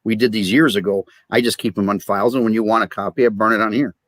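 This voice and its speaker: A man's voice: on the low side, fairly even intonation, quick pace, a bit bright, dry recording, clean studio sound. A man chatting on a video call as a record collector, rambling and indignant about prices. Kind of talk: casual video-call chat.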